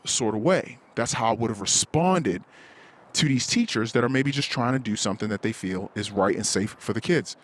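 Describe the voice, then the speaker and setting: A man's voice: medium pitch, moderate pace, fairly bright tone, dry recording. A man hosting a podcast, talking candidly and self-critically in a rambling way, swearing often and acting out heated quotes. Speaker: podcast host. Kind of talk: candid solo podcast confession.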